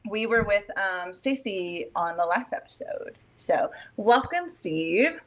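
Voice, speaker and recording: A woman's voice: medium pitch, big pitch swings, takes it slowly. A woman in her forties hosting a casual video interview, bubbly and giggly, often teasing herself. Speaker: podcast host.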